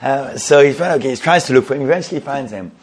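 A man's voice: mid-range voice, lively intonation, very fast, slight background noise. A man telling a Hasidic tale, often repeating and restarting himself and using Yiddish terms. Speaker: storyteller.

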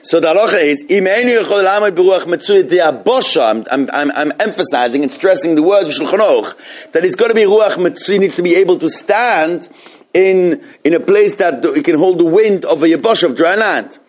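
A man's voice: on the high side, a little fast. A man teaching a live class on Jewish law to a room of students, often restarting his sentences and putting questions to the listeners. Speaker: Torah teacher.

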